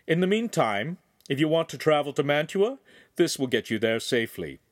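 A man playing a haughty young nobleman, raised pitch. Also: very animated, moderate pace. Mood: smoothly haughty. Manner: imperious, raises his voice. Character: arrogant young male noble, haughty and threatening.

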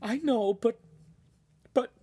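A weepy, doting mother AI in a floating orb, voice pushed high and thin as she sniffles out her goodbyes, as a man puts her on in a storybook reading. The sound is close and dry. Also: big pitch swings, unhurried, a little mellow, no room sound. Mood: tearful.

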